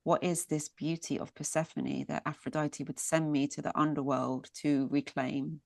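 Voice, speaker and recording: A woman's voice: low voice, flat delivery, moderate pace, gravelly, dry recording, studio quality. Psyche, a woman doing a curious young mortal. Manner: musing questions.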